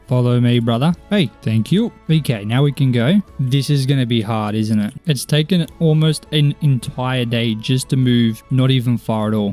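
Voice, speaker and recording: A man's voice: mid-range voice, warm tone. A young man giving chatty let's play commentary, talking to the game characters and joking at his own expense. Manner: chatty, talks to game characters, mild self-mockery. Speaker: gaming YouTuber.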